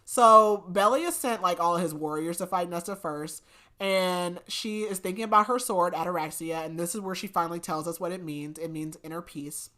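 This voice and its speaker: A woman's voice: fairly low pitch, moderate pace, pushed and bright. A woman co-hosting a podcast, chatty, retelling a story with lots of filler words. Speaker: podcast co-host. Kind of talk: casual book recap chat.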